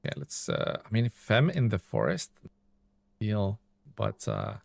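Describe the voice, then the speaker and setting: A man's voice: lowish voice, huge pitch swings, slow pace, creaky, dry recording. A man streaming a truck-driving game live, giving laid-back, chatty commentary and reading viewer chat aloud.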